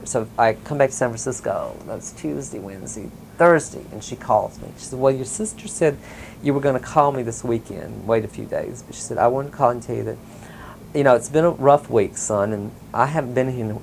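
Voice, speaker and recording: A man from the US South, telling a personal story in a casual interview, rambling with many ums and soft chuckles. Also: medium pitch, gravelly, slight background noise, rough recording. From Mississippi, US South. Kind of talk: casual oral-history storytelling.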